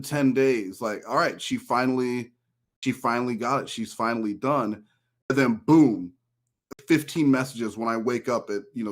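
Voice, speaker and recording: A man tells a long personal story in relaxed podcast chat. His voice sits in a middle pitch, and he gets animated whenever he quotes someone. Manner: storytelling, animated when quoting an ex. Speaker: podcast guest. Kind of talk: casual chat.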